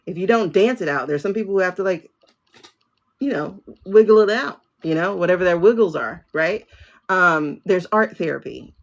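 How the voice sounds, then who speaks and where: A woman's voice: on the low side, creaky, lo-fi sound. A woman hosting a spiritual livestream, chatting casually and talking straight to her viewers. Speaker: livestream host, tarot reader.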